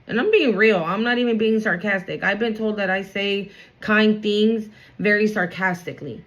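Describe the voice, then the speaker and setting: A woman's voice: mid-range voice, moderate pace, a bit bright, rough recording. Blunt, chatty woman giving a spiritual reading. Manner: blunt, chatty, swears freely. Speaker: spiritual card reader. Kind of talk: casual spiritual reading to camera.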